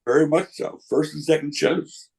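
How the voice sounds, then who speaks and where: Gravelly, husky older man telling stories. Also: on the high side, moderate pace, a little mellow, rough recording. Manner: candid, anecdotal, quotes others in voices. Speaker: interview guest, wrestling promoter. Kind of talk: storytelling interview answers.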